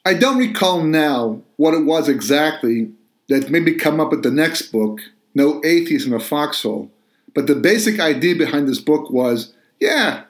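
A man's voice: fairly high pitch, echoey room. A man, an author, talking earnestly about his religious books and telling a joke to explain his ideas.

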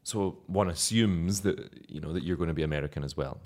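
A man's voice: sits low, brisk, a little mellow. A man with a light Scottish accent, an actor telling amused stories as an interview guest. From Scotland. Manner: amused storytelling, acts out quoted remarks. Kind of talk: anecdotal interview chat.

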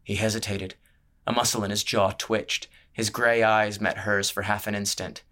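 A man narrating a fantasy novel in a measured, expressive storytelling voice. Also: fairly low pitch. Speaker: audiobook narrator. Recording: music playing underneath.

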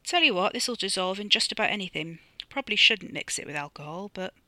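A blunt, sardonic middle-aged man grumbles and swears through his lines, as a woman reads him. The tone is bright and forward, the recording dry and close. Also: medium pitch, expressive, a little fast, no room sound.

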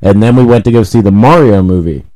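A man co-hosting a comedy podcast, talking in a profane, animated ranting way. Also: fairly low pitch, quick pace, rough recording. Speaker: podcast co-host. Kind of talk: casual comedic chat.

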